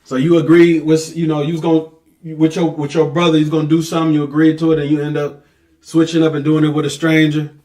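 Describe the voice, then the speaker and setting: High-voiced preacher, conversational and emphatic. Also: male voice, little pitch movement, fast, warm tone. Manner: conversational, emphatic, mocks excuses in lowered voice. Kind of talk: street-level sermon with scripture reading.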